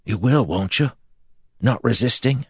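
A man's voice: mid-range voice, expressive, a little slow, husky, no echo, studio quality, pitched above the performer's own voice, heavily acted. A man voicing a frightened young man who has been turned to the shadow, talking in an anxious, pleading way in an audiobook. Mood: anxious eager. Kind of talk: audiobook character voice.

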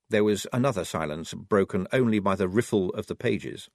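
A man narrating an audiobook with an expressive, varied delivery. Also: on the low side, fairly quick, hardly any pauses, no echo, clean studio sound. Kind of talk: scripted narration.

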